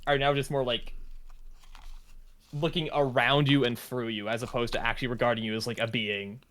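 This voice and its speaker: A man's voice: medium pitch, flat delivery, brisk, fairly bright tone. Casual man narrating as game master. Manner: casual, rambling with fillers.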